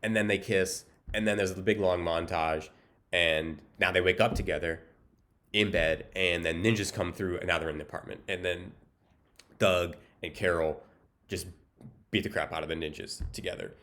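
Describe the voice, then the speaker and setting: A man casually recapping a film plot with deadpan humor, rambling and filling gaps with "um" and "like". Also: low voice, moderate pace. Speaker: movie recap host.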